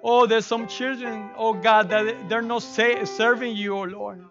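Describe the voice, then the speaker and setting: A man's voice: high voice, flat delivery, unhurried, dull audio. A male pastor leading a sermon and altar prayer, pleading fervently and repeating his cries to God. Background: keyboard music.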